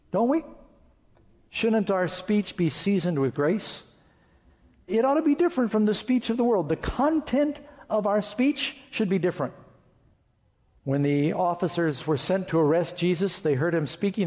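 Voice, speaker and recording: A man's voice: on the high side, lively intonation, normal speed, darkish tone. A man pastor preaching an emphatic sermon and reading scripture aloud. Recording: reverberant hall.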